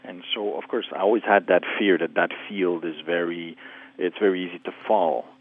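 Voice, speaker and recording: A man's voice: low-pitched, steady tone, moderate pace. A man calling a radio show, speaking hesitantly and searching for his words. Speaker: caller. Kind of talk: phone call to a radio show. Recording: tinny phone line.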